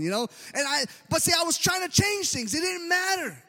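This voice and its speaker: A man preaching a sermon with passion, swinging from shouts to hushed softness and peppering his talk with amens. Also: extremely high pitch, fast. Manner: impassioned, swings between shouting and soft hushed delivery; repeats amen often, stammering restarts. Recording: long hall reverb.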